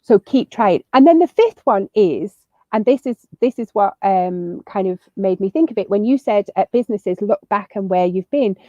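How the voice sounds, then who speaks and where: A woman's voice: mid-range voice, animated, moderate pace, dark tone, no echo. Chatty woman on a call. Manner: chatty, upbeat, many fillers and restarts. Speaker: parenting and education guest. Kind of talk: casual advice chat. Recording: slightly muffled lo-fi audio.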